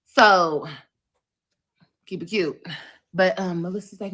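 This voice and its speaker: A woman's voice: lowish voice, normal speed, pauses often. A woman hosting a livestream podcast, telling a story casually, with plenty of profanity, and acting out the things other people said. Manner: animated, profane, acts out quotes.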